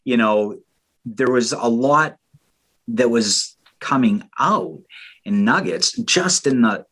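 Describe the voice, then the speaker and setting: A man's voice: mid-range voice, animated, slow pace, fairly bright tone. Podcast host, man, casual and eager, ordinary mid-range voice. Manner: thinks aloud with fillers, enthusiastic agreement. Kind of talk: casual interview talk.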